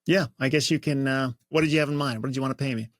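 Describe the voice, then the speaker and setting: A man's voice: mid-range voice, fairly even intonation, very fast, natural voice. A podcast host playing a wary male property seller in a sales role-play, asking blunt, skeptical questions. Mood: guarded.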